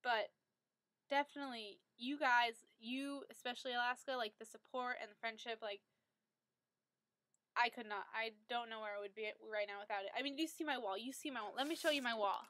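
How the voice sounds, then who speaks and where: A woman's voice: a little high, steady tone, fairly quick, a bit bright, dry recording. A teenage girl talking casually to her friends in a vlog, gushing and stumbling over her words when she gets emotional. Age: teens. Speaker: vlogger.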